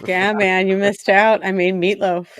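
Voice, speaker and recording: A woman co-hosts a chat show, laid back and drawling, speaking slowly. Her mid-range voice has a gravelly, creaky edge. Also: mid-range voice, flat delivery. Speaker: co-host. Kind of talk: casual chat.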